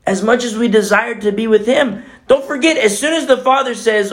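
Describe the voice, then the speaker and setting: Man, pastor, casual sermon, high voice, gravelly, chatty delivery. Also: normal speed, fairly bright tone. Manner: informal preaching, frequent "you know", acts out scripture voices. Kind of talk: conversational sermon.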